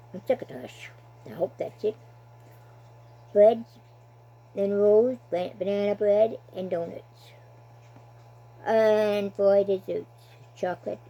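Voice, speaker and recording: A woman's voice: mid-range voice, mellow, husky. An older woman reading a list aloud at home, stumbling over words and adding chatty asides. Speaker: blogger. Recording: dull lo-fi recording.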